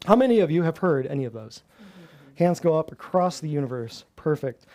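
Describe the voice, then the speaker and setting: A man presenting a class as host, energetic and wry, laughing at the claims he lists. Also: on the high side, a little fast. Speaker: chiropractor host of a natural health class.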